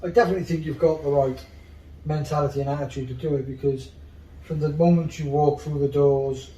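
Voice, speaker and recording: A man with a Bristol accent hosts a relaxed chat, teasing his guest in a playful way. His voice sits somewhat high. He sounds distant, in an echoey room. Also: fairly quick, a little hiss or hum. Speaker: host. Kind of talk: casual interview chat. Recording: roomy, distant mic.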